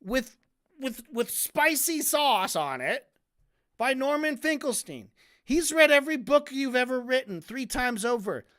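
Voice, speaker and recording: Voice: high-pitched, sing-song, a little slow, a bit bright. A streamer ranting through a debate recap, swearing often, sarcastic, heated and sometimes tripping over repeated words. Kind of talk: casual ranting commentary.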